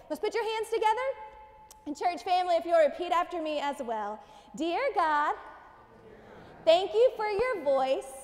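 High-voiced woman pastor, echoey church. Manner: animated, coaxing, leads children in gestures. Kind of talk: children's sermon. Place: church sanctuary. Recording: long reverb in a church sanctuary.

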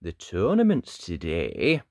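Storybook knight dad, jolly and loud, drawn out; a man puts him on. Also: deep voice, wildly swooping pitch, slow pace, no echo, pitched below the performer's own voice, exaggerated voice. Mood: hearty. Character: hearty father, a knight.

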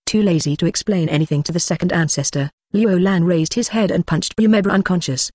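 Synthetic audiobook reader, mid pitch, flat and mechanical, dry booth. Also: a little fast, few pauses, dry recording. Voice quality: flat, mechanical reading that voices punctuation aloud. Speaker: audiobook narrator. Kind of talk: scripted narration.

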